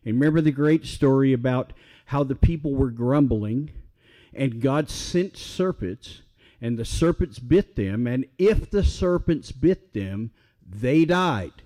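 Middle-aged guy preaching, chatty and easygoing, warm low-key tone. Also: expressive, unhurried. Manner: conversational, asks the audience questions. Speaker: pastor. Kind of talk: sermon.

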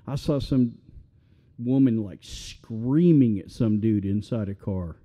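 A man preaching a sermon as pastor, conversational and animated, with self-deprecating humor. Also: lowish voice, slow.

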